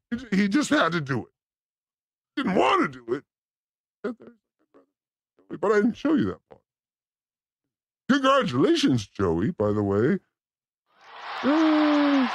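A man's voice: dry recording, clean studio sound. A man hosting a show, delivering a rambling, joking comedic monologue. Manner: animated, joking, pitch swooping up and down. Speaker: host.

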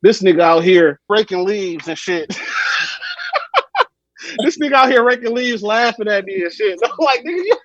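A young man telling a funny story on a podcast, animated, slangy and laughing often. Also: high-pitched, moderate pace, long pauses, no room sound, lo-fi sound. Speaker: podcast guest. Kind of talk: casual storytelling.

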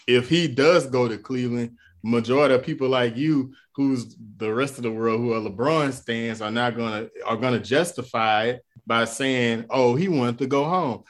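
A man's voice: mid-range voice, fairly even intonation, normal speed, hardly any pauses. A man co-hosting a casual sports podcast, arguing his point insistently in colloquial speech. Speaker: podcast co-host.

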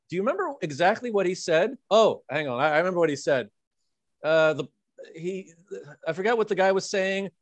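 A man's voice: high voice, dry recording. Rambling man telling a story. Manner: rambling, filler-heavy anecdote telling with frequent "like" and "uh". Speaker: podcast co-host. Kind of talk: casual chat, storytelling.

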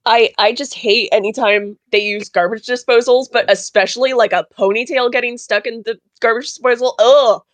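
A man's voice: very high voice, fairly even intonation, normal speed, few pauses, a bit bright, no room sound. Guy host rambling on his podcast, gets emotional, dry no-room sound. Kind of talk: casual podcast chat.

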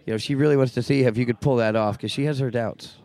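A man's voice: medium pitch, steady tone, fast, darkish tone. A man bantering on a live radio show in a chatty way. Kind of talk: casual radio talk.

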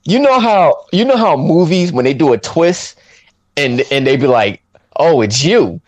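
Man, casual podcast chat, slangy, swooping animated pitch, slightly high voice, dry close sound. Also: moderate pace, no room sound. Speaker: podcast co-host reviewing a film.

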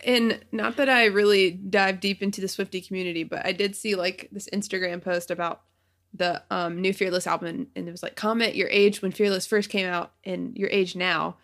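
A woman in her thirties co-hosting a podcast in relaxed casual chat, agreeable and laughing often. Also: mid-range voice, brisk. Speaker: podcast co-host.

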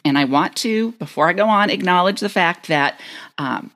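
A woman's voice: lowish voice, lively intonation, moderate pace, fairly bright tone. A woman co-hosting a podcast, reflectively sharing a childhood book memory in casual chat. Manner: reflective, storytelling. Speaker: podcast co-host.

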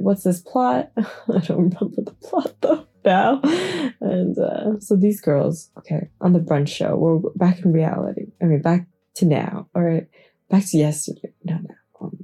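Young woman, gravelly vocal fry, very dark mellow tone, groggy early-morning ramble, giggly, faint music behind. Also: on the low side, steady tone, moderate pace. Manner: chatty, giggly, swears freely. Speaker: podcast host. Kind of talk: rambling casual morning chat. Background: faint background music.

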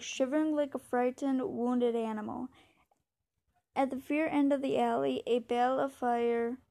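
A woman reading a novel aloud in a steady, measured way, now and then stumbling over a word. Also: high voice, creaky. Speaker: reader.

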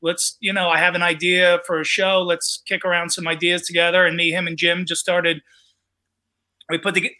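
A man's voice: high-pitched, normal speed. A man, a comedian and show host, telling a story in casual podcast talk and acting out the voices of the people in it. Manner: animated storyteller, acts out quoted voices.

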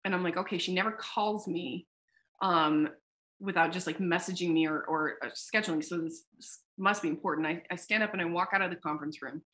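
A woman founder talking casually in an interview, telling a story with animated, acted-out quotes and casual swearing. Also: on the low side, fairly quick. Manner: animated storyteller who acts out quoted dialogue. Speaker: founder of a sex tech company, podcast guest.

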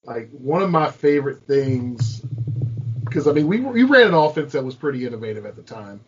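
A man's voice: mid-range voice, big pitch swings, fairly quick, breathy edge, muffled recording. A man co-hosting a casual sports podcast, talking bluntly and profanely and often repeating words. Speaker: podcast co-host.

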